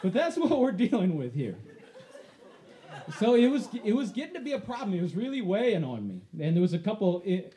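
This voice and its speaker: High-voiced man telling a personal story. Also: brisk. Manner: animated, laughing through the story. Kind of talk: personal storytelling to a live audience.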